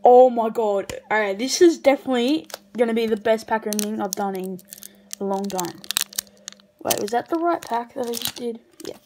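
A woman opening trading card packs on camera in casual commentary, breaking into excited shrieks over good pulls. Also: a little high, brisk, heavy background noise.

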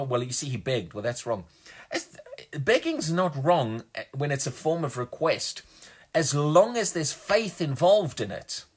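A man's voice: mid-range voice, husky. A man preaching a sermon with emphasis, often repeating words as he builds a point.

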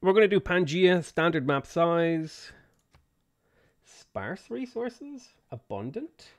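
A man's voice: fairly high pitch, expressive. Guy streaming a game, reading off chat names and saying hi, voice bouncing up and down a lot, loose and chatty. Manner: greets chat viewers by name between game setup remarks; quick offhand answers to viewer questions. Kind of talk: casual live-stream chat.

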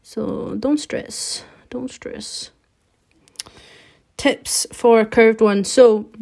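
A woman talks through a live nail art lesson, chatty and relaxed as she works, narrating each brush stroke step by step. Her voice sits a little high and her delivery is slow and unhurried. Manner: chatty, step-by-step instructions while working.

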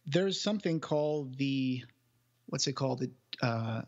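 A Portuguese man who speaks English with a mostly American sound, co-hosting a podcast in relaxed chat full of fillers. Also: mid-range voice, measured pace, highs cut off. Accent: Portuguese, with American-style English. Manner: relaxed, thinks aloud with many fillers. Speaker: podcast co-host.

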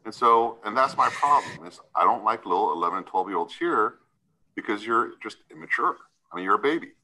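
A man's voice: fairly low pitch, lively intonation, a little fast, bright, forceful tone, poor audio. A man serving as a judge, sternly lecturing a defendant in a courtroom hearing and often tagging his points with "right?".

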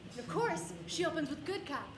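A woman's voice: high voice, brisk. A woman giving a live, comic personal storytelling performance on stage before an audience. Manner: comic, animated, with audience laughter between lines. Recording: echoey room with background noise.

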